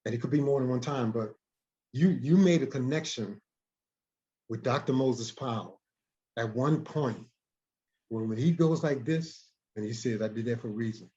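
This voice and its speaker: A man, a guest in an interview, telling a story in an animated way, often repeating and restarting words. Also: medium pitch, a little slow, pauses often. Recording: dull lo-fi recording.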